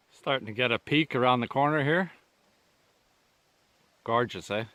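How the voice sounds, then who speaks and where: A man's voice: medium pitch, unhurried, fairly bright tone, dry recording. A man with a Canadian accent, talking casually to a handheld camera while hiking outdoors on a lakeside trail, chatty and chuckling often. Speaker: hiker vlogger. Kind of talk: casual vlog narration.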